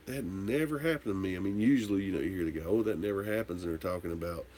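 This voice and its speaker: A man's voice: sits low, rapid-fire, a little mellow, slight background noise. A man hosting a casual livestream, tipsy from drinking, telling a rambling, candid story and swearing casually. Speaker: livestream host answering viewer comments.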